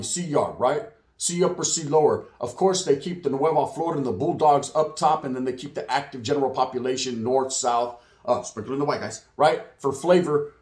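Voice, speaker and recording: A streetwise man holds forth in a casual monologue, sprinkling slang and voicing the people he quotes. His voice sits a bit high for a man and runs slightly hoarse. The room around him is echoey. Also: darkish tone. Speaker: channel host, street news commentator. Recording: roomy echo.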